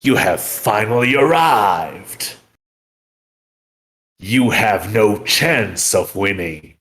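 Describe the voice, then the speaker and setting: A man voicing a boastful male dragon on a treasure hoard, speaking in a slow, grandiose way. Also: on the low side, lively intonation, a bit bright, full character voice. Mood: pompous.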